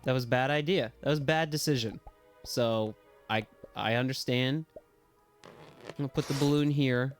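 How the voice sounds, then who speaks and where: Excitable man streaming a game, music behind. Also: mid-range voice, moderate pace, long pauses. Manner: excitable, swears freely, yelps and talks to chat. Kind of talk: casual live gameplay commentary.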